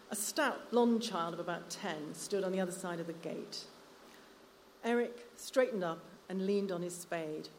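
A lower-pitched woman reads her story aloud, measured and unhurried. The reading echoes through a reverberant hall, with faint room ambience behind. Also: a little hiss or hum. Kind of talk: live literary reading. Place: live literary night venue.

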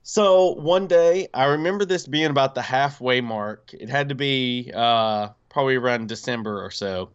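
A man casually telling a personal story on a podcast, animated, with many fillers and acted-out quotes. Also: mid-range voice, moderate pace, few pauses, smooth, muffled recording. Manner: animated, acts out quoted voices, frequent fillers.

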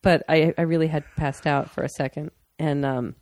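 A woman's voice: deep voice, steady tone, moderate pace, darkish tone, no room sound, studio quality. A young woman talking casually and candidly with her partner, rambling a bit and laughing often. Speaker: partner sharing a personal story. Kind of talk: casual conversation.

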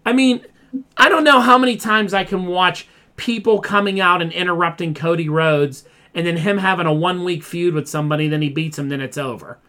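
A man's voice: high voice, fairly quick, pushed and bright. A man co-hosting a casual wrestling podcast, ranting with exasperation and mimicking fans in quoted voices. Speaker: podcast co-host.

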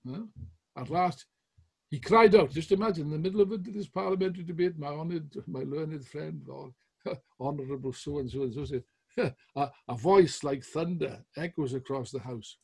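A man giving a history talk as a storyteller, animated, with frequent restarts and chuckles. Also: on the high side, normal speed, creaky, husky. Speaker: podcast speaker on history.

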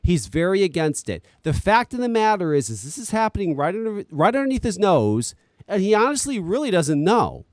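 A man's voice: high-pitched, sing-song, a little fast, no room sound. A man ranting on a podcast, exasperated and profane, talking close to the mic. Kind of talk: heated podcast commentary.

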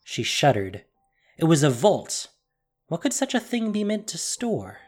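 A narrator reading a fantasy story aloud in an expressive, dramatic storytelling manner. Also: mid-range voice, unhurried, faint music behind. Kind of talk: scripted audiobook narration.

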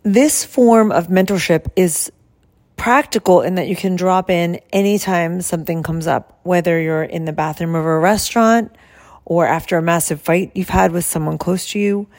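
Low, gravelly-voiced woman health coach. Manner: soft, calm and soothing, with long pauses. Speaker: health coach and breathwork facilitator. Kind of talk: explaining a coaching service, with guided breathing.

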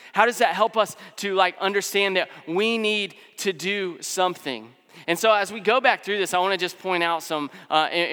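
A man gives a sermon with a high, bright voice, talking to the congregation in a relaxed way with fillers and asides. His tone is smooth and clear. The long reverb of a big hall trails every word. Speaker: pastor. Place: church hall.

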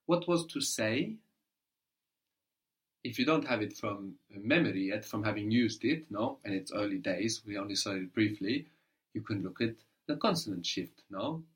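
A man's voice: fairly low pitch, expressive, normal speed. A man giving a one-on-one language lesson, patient and prompting, often checking understanding with a questioning "no?". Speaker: language teacher.

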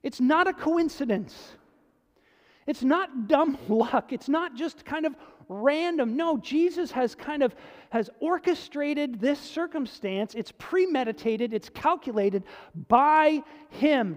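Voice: high-pitched, lively intonation, slow. Preacher in a reverberant hall. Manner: conversational preaching, swinging between emphatic and hushed. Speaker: pastor. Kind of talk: sermon.

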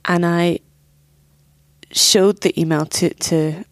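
A woman's voice: fairly low pitch, steady tone, slow pace, dry recording. A young woman telling a painful personal story as an interview guest, candid and swearing, acting out what others said.

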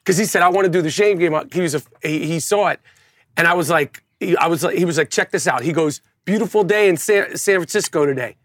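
New guy, fairly high voice, excitable storyteller who swears a lot, dry close sound. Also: fast talker, dry recording. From New York. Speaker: guest. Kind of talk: casual chat. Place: home kitchen.

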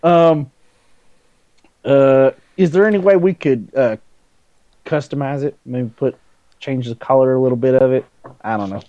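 A man's voice: medium pitch, a little slow, pauses often, dark tone, no echo. Hesitant male player, dull dry mic. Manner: hesitant, fumbling, lots of uh and um. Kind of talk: playing his character in a tabletop game.

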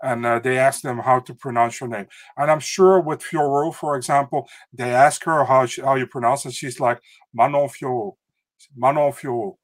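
A man's voice: mid-range voice, steady tone, moderate pace, few pauses, dry recording. A man co-hosting a sports podcast, chatting casually and loosely with plenty of fillers. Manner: hesitant, many fillers and restarts, laughs easily. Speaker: podcast co-host. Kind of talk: casual chat.

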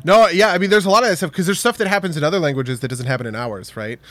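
Chatty man with a fairly high voice. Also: very fast, fairly bright tone, no room sound. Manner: rambling, filler-heavy, keeps tagging "right?". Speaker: podcast co-host. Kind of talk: casual chat.

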